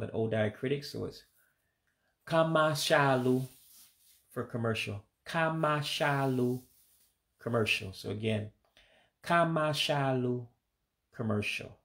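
A man giving a casual vocabulary lesson, speaking slowly and carefully, repeating words with some hesitant fillers. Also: fairly low pitch, level tone, gravelly. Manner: slow, careful repetition of words. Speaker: language learner teaching vocabulary.

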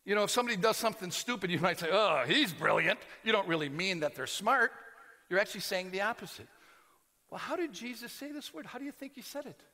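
An American man preaching a sermon as pastor, swinging between loud proclamation and near-whispers. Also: sits high, animated, fast talker. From United States. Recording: large hall reverb.

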